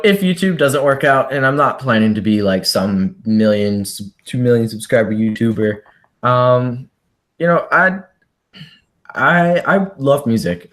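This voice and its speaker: A young man, still a student, hosting a casual interview in a relaxed, hesitant way with lots of ums. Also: mid-range voice. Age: young adult. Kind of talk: casual chat.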